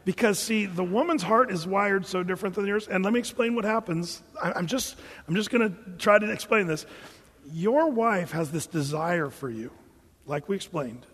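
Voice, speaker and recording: This is a male preacher and marriage counselor addressing a room of men. His voice sits high and animated, and he restarts and repeats words as he drives each point home. The sound carries with a long hall reverb. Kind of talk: sermon.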